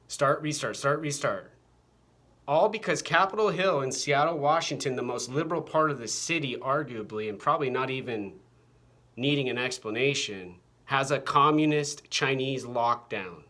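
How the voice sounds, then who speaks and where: Speaking into his camera mic, this male vlogger has a medium-pitched voice that sounds bright and forceful. He goes on an agitated, swearing tirade that wanders and loops back over the same phrases again and again.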